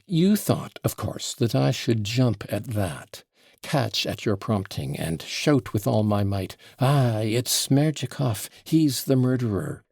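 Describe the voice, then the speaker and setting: A man's voice: fairly low pitch, big pitch swings, takes it slowly, vocal fry, a little mellow, breathy edge, dry recording, clean studio sound, exaggerated voice. A man voicing an agitated, passionate accused man in an audiobook, with heated, emphatic outbursts. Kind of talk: audiobook character voice.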